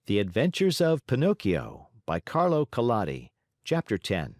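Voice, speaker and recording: A man narrating a classic children's story as an audiobook, in an expressive, varied delivery. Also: lowish voice, moderate pace, no room sound, studio quality.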